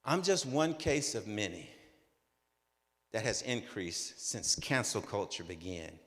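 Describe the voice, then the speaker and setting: Older male conference speaker, vivid storyteller, crisp bright tone, long hall reverb. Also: lowish voice, takes it slowly. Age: 60s. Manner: animated, acts out dialogue in his story. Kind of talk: personal storytelling talk.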